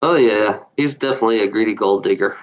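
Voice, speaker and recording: Speaking fast in a fairly low voice, a man livestreams alone and rants at the trolls in his chat. He rambles, swears, scorns them, repeats himself, and talks back, all through a muffled recording.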